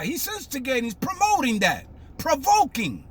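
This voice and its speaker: An older man, giving a fiery, emphatic monologue that breaks into shouting. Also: very high voice, huge pitch swings, moderate pace, breathy edge. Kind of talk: impassioned monologue.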